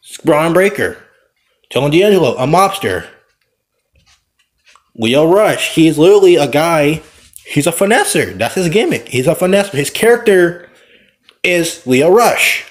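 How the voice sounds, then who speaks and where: A man's voice: fairly high pitch, sing-song, unhurried, long pauses. A man, a wrestler, giving a casual, rambling opinion vlog while playing a game, often backtracking and correcting himself. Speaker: wrestler and vlogger.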